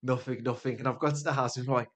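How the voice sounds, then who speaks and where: A man's voice: mid-range voice, fairly even intonation, racing. A young man co-hosting a podcast, telling a sweary story in casual chat and speeding up when he gets worked up. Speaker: podcast co-host.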